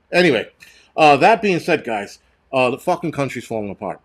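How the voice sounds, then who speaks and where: A man's voice: mid-range voice, lively intonation, a little fast. A man hosting a live stream, ranting angrily and bluntly, swearing constantly and stumbling over restarts and repeated words. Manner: angry, profane and blunt. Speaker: livestream host.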